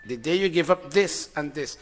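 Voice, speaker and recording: A man leading an informal temple gathering, playful and animated, calling people forward by name. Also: fairly high pitch, moderate pace. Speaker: temple spiritual leader. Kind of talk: informal sermon to congregation. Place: temple hall before congregation.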